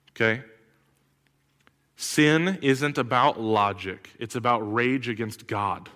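A male pastor delivers a lively sermon, firing rhetorical questions and breaking into sudden loud bursts. His voice sits at an ordinary middle pitch and rings out with a long reverb, as in a church sanctuary.

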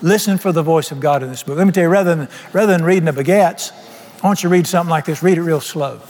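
A man's voice: a little high, fast talker, a little mellow. Folksy preacher man in reverberant hall. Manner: folksy and humorous; colloquial plain speech. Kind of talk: sermon. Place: church sanctuary. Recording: long hall reverb, faint music.

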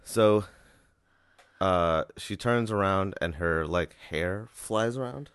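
A man's voice: sits low, takes it slowly, a bit bright, clean tone, no echo, studio quality. A young man hosting, improvising a rambling, profane comic story full of "like". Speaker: host.

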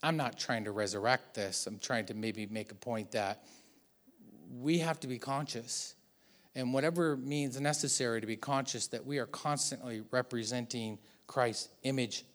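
A man preaching a church sermon, animated and joking, acting out little asides as he goes. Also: mid-range voice. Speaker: pastor.

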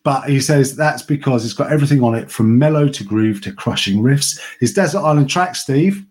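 Male podcast host, relaxed joking chat, mid pitch. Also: moderate pace. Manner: chatty, joking, swears casually.

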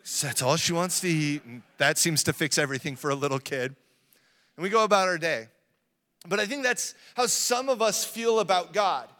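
A pastor in his thirties delivers a sermon in a relaxed, joking manner, dropping in fillers as he tells family stories. His voice sits fairly high for a man. The sound carries a long reverb from a large church hall. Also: normal speed. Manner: conversational, joking storyteller with many fillers.

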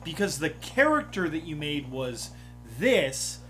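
A man's voice: on the high side, unhurried. Guy gm rambling about his game, swears a lot, faint music in back. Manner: animated, acts out table dialogue, swears. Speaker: game master. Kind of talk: casual chat.

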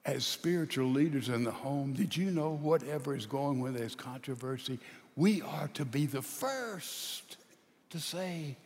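A man preaching a sermon who tells a story dramatically, moving between loud emphasis and near-whispers. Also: mid-range voice, expressive, a little slow, long reverb tail.

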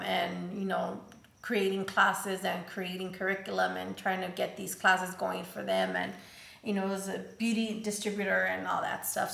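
A woman's voice: mid-range voice, vocal fry, pushed and bright, echoey room. A woman telling a personal story in casual talk, mixing English and Spanish and acting out what others said. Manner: switches between English and Spanish mid-sentence; acts out quoted voices, turns emotional.

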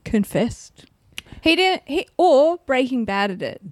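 A woman's voice: sits high, very animated, takes it slowly, no echo. A woman co-hosting a casual chat about a TV episode, wry and opinionated with punchy one-word answers. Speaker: podcast co-host.

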